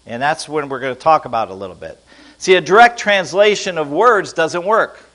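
A man's voice: a little high, expressive, a little fast, a bit bright. A man preaching to a congregation, playful and quizzing his listeners as he goes. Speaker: pastor teaching a congregation. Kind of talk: lively sermon to a live audience.

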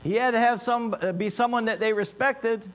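A man preaching a sermon in an animated way, dropping into quiet asides and rising into loud, emphatic bursts. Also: very high voice, normal speed.

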